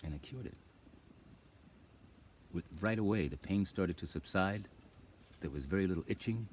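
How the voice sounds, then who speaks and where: Low-voiced man rambling outdoors on a farm. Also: moderate pace, a little hiss or hum. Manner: rambling, laughing, acts out voices. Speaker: vlogger. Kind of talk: casual talk to camera.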